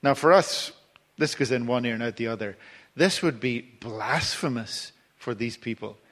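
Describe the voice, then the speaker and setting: A man preaching a sermon at a middle pitch, in a relaxed teaching tone. He talks as if chatting with the congregation, often stopping to restart a phrase or fill a gap, and drops his voice softer at the ends of thoughts. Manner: conversational, halting, with many fillers and restarts.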